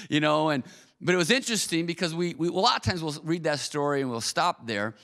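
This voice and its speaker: A man's voice: on the high side, fast, fairly bright tone. A man preaching a casual sermon, talking in a conversational way and often repeating his words. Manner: conversational, repeats words, acts out quoted voices. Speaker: pastor.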